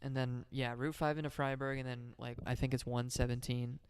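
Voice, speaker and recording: A man's voice: medium pitch, flat delivery, fairly quick, slight background noise. A young man, co-hosting a casual podcast chat, rambling and swearing loosely. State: hiccuping. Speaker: podcast co-host.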